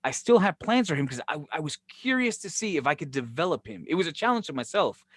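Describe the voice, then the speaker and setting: A man hosting a podcast, telling wrestling stories in casual chat, animated and profane, acting out the dialogue. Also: fairly high pitch, fast, no echo. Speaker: podcast host, former wrestling booker.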